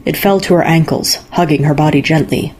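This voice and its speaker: A woman reading a fairy-tale story aloud in calm, measured narration. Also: low voice, slight background noise. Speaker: story reader. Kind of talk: scripted narration.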